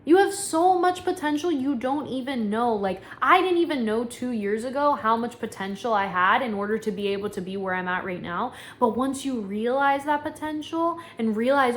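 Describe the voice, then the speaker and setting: A woman's voice: on the high side, expressive, a little fast, hardly any pauses. A young woman talking to camera about manifestation in a casual vlog, chatty and emphatic, acting out her own inner dialogue. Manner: emphatic, preachy. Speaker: manifestation vlogger.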